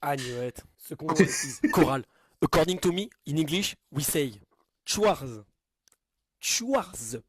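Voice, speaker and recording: Slow, dry-voiced Frenchman mangling English. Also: a little high, lively intonation, slightly rough, no room sound. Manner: deliberately mangles English words, then shouts in mock outrage. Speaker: comedy video creator. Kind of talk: comedic pronunciation skit. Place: played from a video clip.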